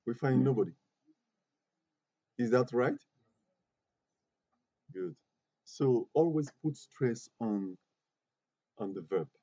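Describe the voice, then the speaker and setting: A man's voice: medium pitch, animated, slow pace, long pauses, dark tone, husky, no echo. A man teaching an English grammar class in a classroom, patiently repeating himself and asking the students questions. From Côte d'Ivoire. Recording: muffled lo-fi classroom recording.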